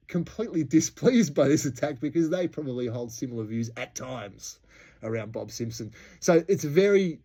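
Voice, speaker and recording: A man's voice: mid-range voice, warm tone. An Australian man hosting a history podcast, telling the story in a chatty way and laughing between points. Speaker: podcast host.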